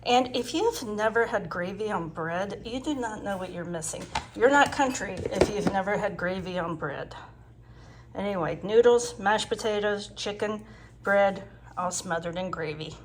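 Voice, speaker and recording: A woman's voice: mid-range voice, moderate pace, slight background noise. An older woman chatting frankly in a casual home vlog, folksy, with frequent ums. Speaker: vlogger.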